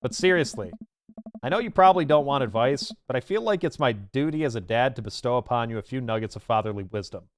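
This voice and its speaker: A man reading the lines of a dad comforting his daughter in a dating game, soft and earnest. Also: medium pitch, expressive, quick pace, pitched below the performer's own voice, lightly acted. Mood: gentle.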